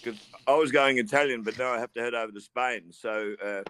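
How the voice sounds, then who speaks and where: A man, a podcast co-host speaking in a measured, wordy way with frequent chuckles. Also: medium pitch, fairly bright tone, slight background noise. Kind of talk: casual podcast chat.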